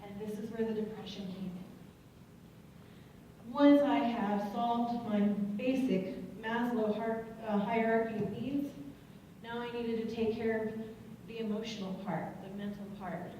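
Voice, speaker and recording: Woman, student veteran speaker, earnest heartfelt testimony; slightly high voice, roomy hall reverb, faint ambience. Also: steady tone, dark tone, slight background noise. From Colorado. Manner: earnest, emotional, halting at times. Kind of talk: personal testimony speech. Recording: echoey hall, distant mic.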